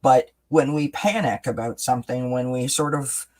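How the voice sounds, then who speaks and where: A man hosts a live spiritual card reading and responds to viewers' messages as they arrive. His delivery is gentle, chatty and reassuring. He keeps checking in with the audience through little tags like "right?" and "you know.". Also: mid-range voice, fairly even intonation, normal speed. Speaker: oracle card reader and host. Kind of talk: live-stream spiritual reading, answering chat.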